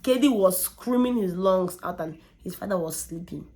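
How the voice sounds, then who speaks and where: A young woman, telling a candid personal story in an animated way and often repeating words for emphasis. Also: fairly low pitch, moderate pace. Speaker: vlogger.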